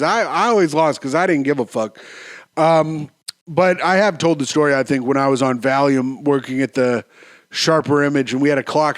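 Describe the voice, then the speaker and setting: A man in his thirties hosts a solo podcast, reading listener posts and riffing on them with crude, animated asides. His pitch sits a touch high for a man and jumps into sing-song bursts, and his voice is getting a bit hoarse. The sound is dry and close, with no room around it. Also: no room sound. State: voice going hoarse. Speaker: podcast host.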